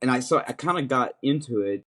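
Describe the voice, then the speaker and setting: A man's voice: mid-range voice, expressive, fairly quick, fairly bright tone. A young man hosting a podcast, chatting casually and thinking aloud with many fillers and restarts. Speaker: podcast host. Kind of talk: casual chat.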